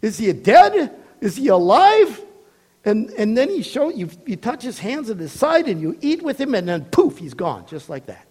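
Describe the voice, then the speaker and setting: A man preaching a sermon, telling a story with animated voices and frequent laughs. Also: very high-pitched, moderate pace, husky.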